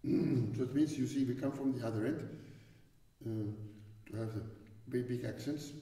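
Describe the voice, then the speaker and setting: A man teaching a wind instrument lesson, explaining exercises in a halting way with many restarts. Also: medium pitch, dark tone. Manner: halting, with frequent restarts and fillers. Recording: echoey hall, voice from far off.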